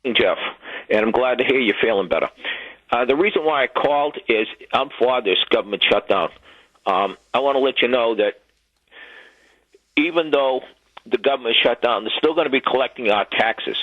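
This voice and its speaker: A male radio caller heard over a narrow, tinny phone line with a dry sound. He speaks in a plain, earnest, steady way at a mid pitch. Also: normal speed, dry recording. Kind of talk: call-in phone comment.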